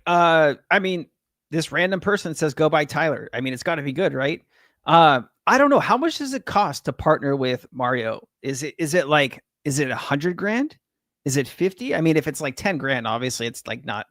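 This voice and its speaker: A man's voice: a little high, a bit bright, dry recording, clean studio sound. A man hosting a casual crypto livestream, rambling and chatty with lots of fillers and restarts.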